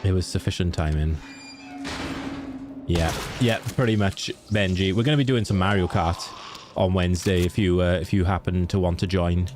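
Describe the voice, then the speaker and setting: A man's voice: low voice, moderate pace, over music. A man with a Welsh accent, a game streamer chatting casually and jokingly with his viewers. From Wales. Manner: chatty, joking, laughs easily. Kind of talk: casual chat with viewers while gaming.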